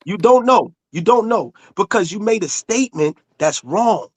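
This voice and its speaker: A high-pitched man argues hard, circling back to restate his point again and again over interruptions. The sound is dry and close, with no room around it. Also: lively intonation, normal speed, no echo. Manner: insistent, repeats himself, talks over others. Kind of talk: heated casual argument.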